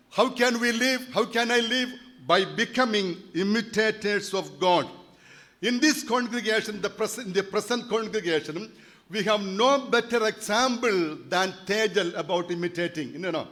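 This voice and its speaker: A man in his sixties preaching a church sermon. His voice sits fairly high for a man. He speaks earnestly and circles back to repeat key phrases for emphasis. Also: a little slow, a bit bright. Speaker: pastor.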